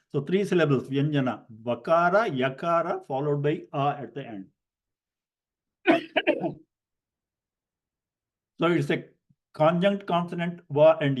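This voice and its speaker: A man teaching a Sanskrit grammar class online, explaining slowly and deliberately with many fillers and spelling out syllables letter by letter. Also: fairly high pitch. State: coughing at times.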